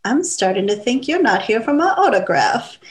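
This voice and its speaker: A woman's voice: fairly high pitch, big pitch swings, moderate pace, slight background noise. A woman in casual chat co-hosting a TV recap, quoting lines from the show and commenting on them. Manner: chatty, quotes lines from the show and adds comments. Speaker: podcast co-host.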